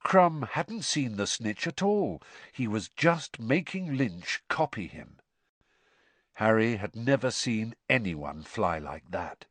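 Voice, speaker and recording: Male audiobook narrator, animated pitch, bright tone, dry close sound. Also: takes it slowly, no room sound. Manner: lively, dramatic storytelling. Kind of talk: expressive scripted narration.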